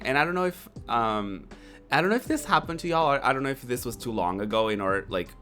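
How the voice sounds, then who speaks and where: A streamer in their twenties chatting casually to a live chat, playful and quick to laugh. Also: medium pitch, a bit bright. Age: 20s.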